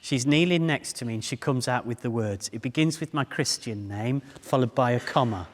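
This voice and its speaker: In a hall with long reverb, a man in his fifties speaks in a mid-range voice at a moderate pace during a public talk. His style is humorous storytelling, and he speaks straight to the audience.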